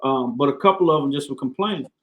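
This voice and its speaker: A man, a Navy command master chief, telling stories as a podcast guest in an animated, slangy way. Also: mid-range voice, fast, narrow, tinny audio. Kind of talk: casual storytelling.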